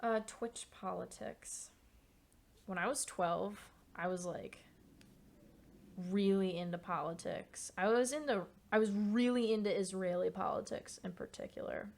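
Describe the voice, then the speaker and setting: Young woman streamer, casual painting chat, candid rambler, gravelly fry in the voice. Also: mid-range voice, unhurried, darkish tone.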